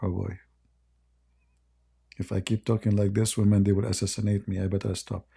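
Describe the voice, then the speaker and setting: In broken English, a native Arabic speaker rambles through a casual monologue as an online commentator, joking and mocking. His lowish voice keeps a level tone at normal speed, mellow with vocal fry and a breathy edge.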